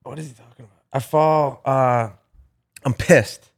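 A man's voice: medium pitch, measured pace. Young man telling a rambling story. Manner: animated, swearing, heavy filler words. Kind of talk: casual storytelling among friends.

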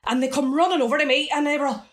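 A middle-aged Northern Irish woman telling stories as an interview guest, chatty and lively, with frequent asides. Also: high-pitched, racing, a little hiss or hum. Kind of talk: casual storytelling.

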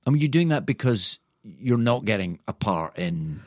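A man's voice: lowish voice, big pitch swings, moderate pace, a little mellow, no echo, studio quality. A man hosting an interview, asking short questions and often interjecting in agreement. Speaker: host.

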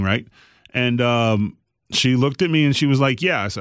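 A man's voice: medium pitch, normal speed, no echo, clean studio sound. A middle-aged man and podcast host telling a story in casual chat, blunt and emphatic.

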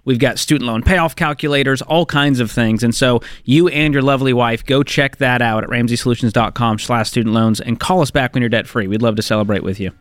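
A man's voice: mid-range voice, fairly quick, few pauses, no echo. A man co-hosting a radio show, giving upbeat, encouraging money advice. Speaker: radio co-host. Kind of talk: casual advice chat.

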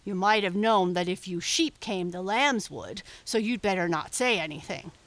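A woman's voice: medium pitch, animated, moderate pace, fairly bright tone. Stubborn bellwether ram, read by a woman: defensive, grumbling, huffy. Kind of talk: storybook reading.

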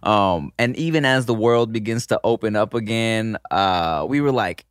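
A man's voice: lowish voice, normal speed, clear, resonant tone, dry recording, studio quality. A man co-hosting a podcast in casual chat, talking loosely and with lots of swearing and laughter. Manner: animated, profane, laughs often. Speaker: podcast co-host.

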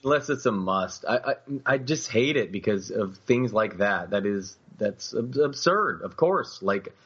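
A man co-hosting a podcast in casual chat, agreeable and halting with many restarts. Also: lowish voice, animated, fairly bright tone, breathy edge. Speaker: podcast co-host. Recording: dull lo-fi audio.

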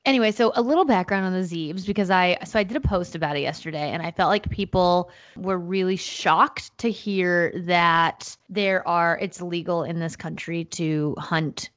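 A young woman co-hosting a podcast, chatting casually and laughing easily as she talks in quick bursts. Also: on the low side. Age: young adult. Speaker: podcast co-host. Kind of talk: casual chat.

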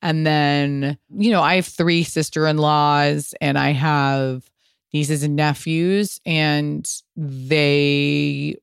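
A woman's voice: low-pitched, extremely slow, vocal fry, clear, resonant tone, no room sound, studio quality. Candid, profane woman podcast host. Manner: candid, profane, animated storytelling. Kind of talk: casual solo podcast answering listener questions.

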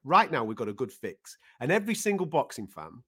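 Expressive mid-pitched man co-hosting. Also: brisk, husky. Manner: emphatic, searches for words, restarts. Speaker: podcast co-host. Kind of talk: casual chat.

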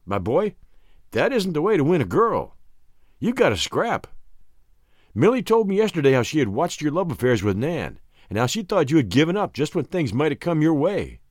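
A man's voice: normal speed, no echo, clean studio sound. A man narrating a first-person novel as an audiobook, telling the story expressively. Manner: expressive storytelling with wide pitch swings.

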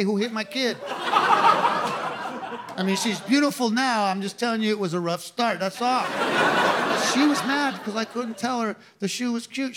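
A man's voice: high-pitched, heavy background noise. A middle-aged man from New Mexico doing a punchy, conversational stand-up set. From New Mexico, USA. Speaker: stand-up comedian. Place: comedy club stage. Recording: live club with loud crowd laughter.

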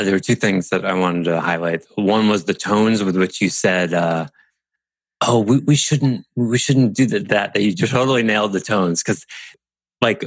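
A low-pitched man, recorded with no room sound, leads a group coaching call as an adult parent. He speaks reflectively and expressively, acting out inner voices through shifts in tone.

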